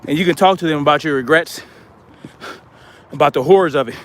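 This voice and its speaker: On a livestream, a man with a somewhat high, slightly bright voice speaks fairly quickly. He reads comments from his audience aloud and chats back in response.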